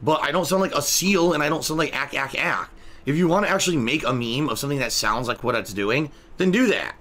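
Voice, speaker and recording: Bright-voiced man ranting angrily. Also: on the high side. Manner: angry, profane, defensive ranting. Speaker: streamer. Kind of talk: livestream rant to chat.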